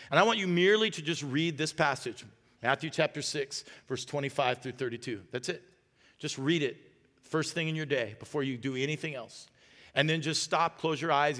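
A male pastor delivers a sermon in an earnest, pleading way, sinking to a hush for prayer. His voice sits a little high and rings bright. It carries the long reverb of a large hall over faint music. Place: church auditorium.

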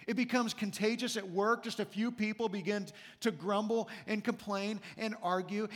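A man's voice: high voice, a bit bright, big-room sound. A man preaching a sermon as senior pastor, emphatic and repeating his key phrases, in a church sanctuary.

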